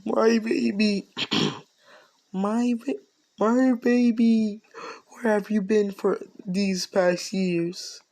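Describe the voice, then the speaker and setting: A man voicing an anxious, tearful middle-aged mother in a high, wavering, stammering falsetto. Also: steady tone, extremely slow, a little mellow, heavily acted, low-quality recording.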